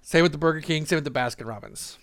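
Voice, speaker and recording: A man's voice: a little high, fast talker, fairly bright tone, no echo. Chuckling man rambling through a memory. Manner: rambling, laughs often, many fillers and restarts. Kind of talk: casual storytelling monologue.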